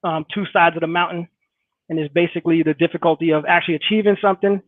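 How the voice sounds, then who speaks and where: Man in his 40s, rapper guest, high voice, phone-line sound, easygoing and halting. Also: steady tone, no room sound. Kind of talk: casual interview chat. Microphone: remote call. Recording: tinny dry phone-line audio.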